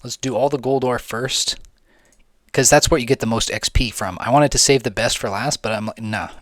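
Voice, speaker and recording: A man's voice: medium pitch, moderate pace, no echo. A young man giving casual, rambling gameplay commentary, slangy, jokey and swearing freely. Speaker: gaming video host.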